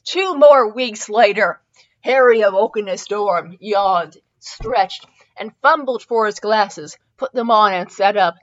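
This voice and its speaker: A woman reads a fan fiction story aloud as a podcast host, amused and slightly stumbling over words. Her voice sits at a middling pitch, and the recording is a little dull and lo-fi. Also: takes it slowly. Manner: amused, with small stumbles and laughs.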